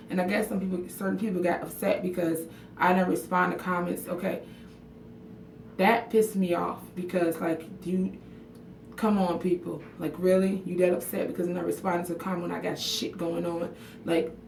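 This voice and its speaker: A woman vlogs live from her home bathroom, answering commenters by name in a frank, emotional way and swearing freely. She has a lowish, gravelly voice. The sound is echoey room audio captured from a distance, carrying a little hiss or hum.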